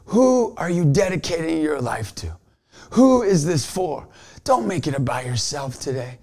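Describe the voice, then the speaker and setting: A man with a high, bright-pitched voice delivers a motivational talk straight to camera. He tells his stories with big energy and often bursts into shouts, like a youth basketball coach firing up his team. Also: animated, a little slow, gravelly.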